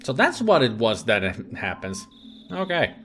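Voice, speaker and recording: A man's voice: medium pitch, big pitch swings, measured pace, a bit bright. Playful man doing let's play commentary. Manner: playful, jokey, reads game text aloud. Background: game music.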